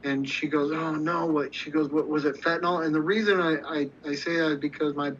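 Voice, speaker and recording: A man's voice: on the high side, fairly even intonation, brisk. A man telling a story in a blunt, profane, rambling way, with frequent restarts, as an interview guest. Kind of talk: casual storytelling. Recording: slightly muffled with faint noise.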